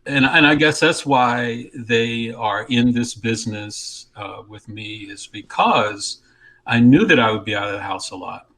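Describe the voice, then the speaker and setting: A man's voice: medium pitch, measured pace, bright, forceful tone, rough recording. A man answering on a podcast panel, conversational and often restarting his sentences. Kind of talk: casual panel discussion.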